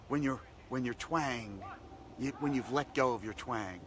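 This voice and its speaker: A man's voice: medium pitch, lively intonation, unhurried, bright, forceful tone, a little hiss or hum. A man hosting a daily positivity practice, giving an upbeat, repetitive motivational talk that keeps circling back to short slogans. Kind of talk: motivational self-help talk.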